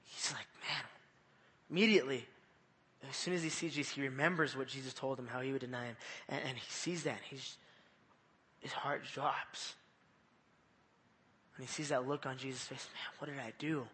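A man's voice: medium pitch, steady tone, moderate pace, long pauses, pushed and bright. A man preaching a conversational evening sermon in church, repeating his phrases and putting questions to the listeners. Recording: long reverb of a hall.

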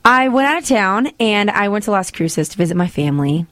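A woman co-hosting a morning radio show, telling stories in an animated way with frequent laughs. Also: mid-range voice, fairly quick, dry recording. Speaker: radio co-host.

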